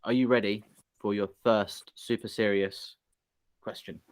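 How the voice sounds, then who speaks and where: A man's voice: fairly low pitch, fairly even intonation, a little slow, no echo. A male podcast host from the United Kingdom, chatty and teasing, laughing often with his guest. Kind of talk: casual interview chat.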